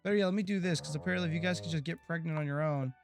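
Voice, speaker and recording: An American man streaming a farming game, chatting casually to his viewers and often stumbling over his words before breaking into excited outbursts. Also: fairly high pitch, very fast, vocal fry, soft background music. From United States. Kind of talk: casual gameplay commentary to chat.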